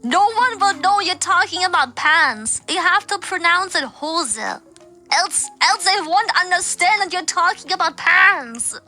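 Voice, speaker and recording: German woman streamer, high bright voice, animated chatty explainer, faint music under. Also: unhurried. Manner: animated, explains with acted-out examples. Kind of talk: casual stream chat.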